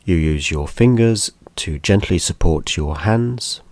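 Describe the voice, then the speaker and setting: A man teaching a gentle hand massage, speaking in a soft, unhurried, calm instructional way. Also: sits low, no room sound.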